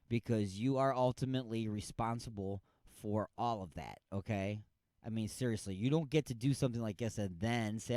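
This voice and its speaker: A man's voice: fairly low pitch, moderate pace, a little mellow, no room sound, studio quality. A man hosting a radio show, riffing on odd news stories in a rambling, mock-outraged way.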